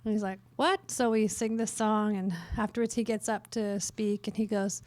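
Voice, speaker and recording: A woman's voice: mid-range voice, normal speed, no echo. Middle-aged Canadian woman telling stories. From northern Canada. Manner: lively, self-mocking humor, many fillers. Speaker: workshop speaker on worship. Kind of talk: storytelling in a conference talk. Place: conference workshop room.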